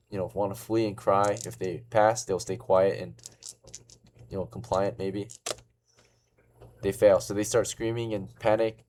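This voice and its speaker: Low-voiced man running a tabletop game. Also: dark tone, a little hiss or hum. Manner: casual, filler-heavy narration. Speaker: game master.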